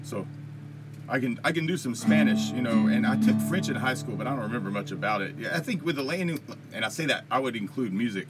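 A man's voice: medium pitch, lively intonation, a little fast. An American man hosting a casual live-stream Q&A as a guitar teacher, talking in a rambling, chatty way and laughing often. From United States. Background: faint guitar strumming.

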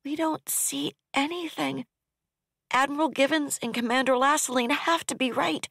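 A man's voice: very high-pitched, fairly even intonation, normal speed, creaky, pushed and bright, pitched above the performer's own voice, full character voice. A man doing a grief-broken female ops officer, rusty and grating.

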